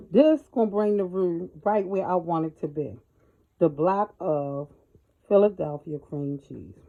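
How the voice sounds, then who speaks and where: Her voice sits at medium pitch with a dark tone as she hosts a folksy, chatty cooking tutorial at home, addressing viewers as y'all and baby. She's recorded on the camera mic while moving around her kitchen, so the sound is dull, lo-fi and faintly noisy.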